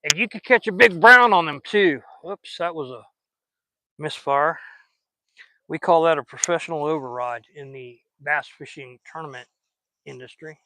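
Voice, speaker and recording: Folksy Southern man, bright voice. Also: on the high side, moderate pace, no echo, low-quality recording. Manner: folksy, rambling, chatty. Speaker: fishing vlogger. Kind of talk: casual chat while fishing. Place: outdoors on a river.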